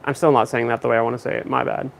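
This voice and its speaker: A man's voice: medium pitch, level tone, rapid-fire, creaky, a little hiss or hum, rough recording. A young man chatting casually at home as a vlogger, laid-back, sometimes spelling words out letter by letter. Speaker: vlogger and parrot owner. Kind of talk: casual chat to camera.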